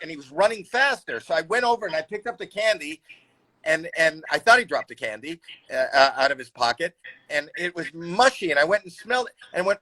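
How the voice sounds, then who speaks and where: A man from Canada, a comedian, telling an animated anecdote in casual chat, acting out the people in it. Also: on the high side, a little fast, rough recording. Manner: animated storyteller, shouts and voices people in anecdotes. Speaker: comedian guest. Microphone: video call.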